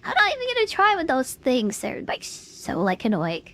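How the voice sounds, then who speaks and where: Woman streamer, high and bouncy pitch, casual play-by-play gaming chatter. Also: wildly swooping pitch, normal speed, fairly bright tone. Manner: chatty, filler-heavy, talks to chat.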